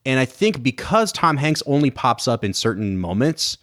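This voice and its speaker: A man co-hosting a film podcast, chatting casually and breaking into quick impressions of lines from the movie. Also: mid-range voice, sing-song, fairly bright tone. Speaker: podcast co-host.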